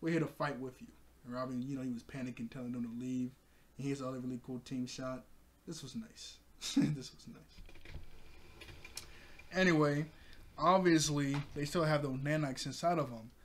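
A man casually recapping a cartoon episode for his channel, excitable, laughing often and breaking into loud exclamations. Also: mid-range voice, brisk, slight background noise.

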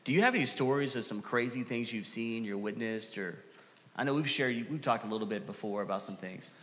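A man's voice: mid-range voice, brisk, fairly bright tone. A man hosting a casual interview, joking with his guest and asking him for stories. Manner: joking, laughs easily, prompts with questions. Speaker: host. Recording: long hall reverb.

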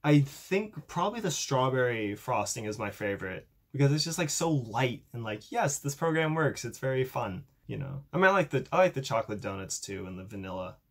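A man's voice: medium pitch, sing-song, fairly quick, few pauses. A young man in a casual tech vlog, chatty and upbeat, showing off a coding project with a self-deprecating humor. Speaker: YouTuber demonstrating a coding project.

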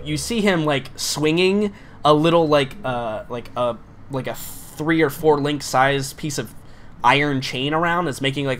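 A man's voice: fairly high pitch, fairly bright tone. Male GM, casual rambling narration, filler-heavy, faint room noise. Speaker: game master. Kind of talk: narrating a tabletop game.

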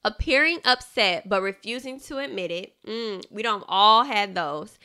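Woman, podcast host, bright tone, smooth clear voice, casual chatty book talk. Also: medium pitch, a little slow. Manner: chatty, animated, laughs often, addresses listeners as y'all.

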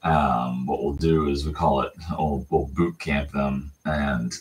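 His voice is extremely low and fairly even, moving slowly over a rough recording. The man livestreams from a home puppy pen indoors, rambling casually about puppy care with plenty of fillers and restarts while baby-talking the pups.

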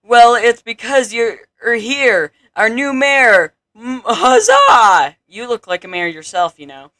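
A man voicing an eager town advisor in a game, reading the lines in a loud, theatrical, jolly tone. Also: very high-pitched, sing-song, takes it slowly, no room sound, pitched above the performer's own voice, heavily acted. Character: eager male town advisor greeting a new mayor.

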